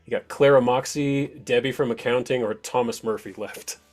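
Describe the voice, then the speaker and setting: A man's voice: medium pitch, steady tone, moderate pace, darkish tone, faint music behind. A man as game master of an online tabletop game, chatty and upbeat, often laughing.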